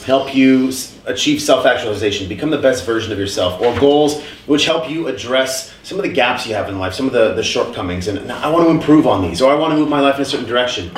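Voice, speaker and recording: A man hosting a casual group chat, telling stories in an animated way and swearing casually. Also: medium pitch, a little hiss or hum. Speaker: podcast host. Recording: roomy, distant phone audio.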